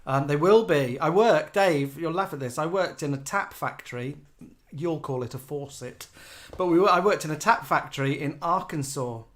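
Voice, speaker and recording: A talkative man in his forties, his voice a touch high for a man, co-hosts a laid-back live online show at a normal pace. He shares self-deprecating stories and reads viewers' comments aloud along the way.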